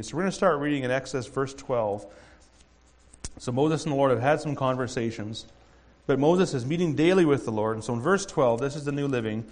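A man in his thirties preaching a conversational sermon, animated and acting out quoted voices. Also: medium pitch, fairly quick. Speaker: pastor.

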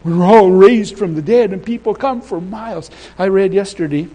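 A man with a high, light voice preaching a sermon. He is emphatic and repeats phrases for weight. He swings from loud passages to soft ones and drops into chatty asides to the congregation. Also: normal speed, rough recording.

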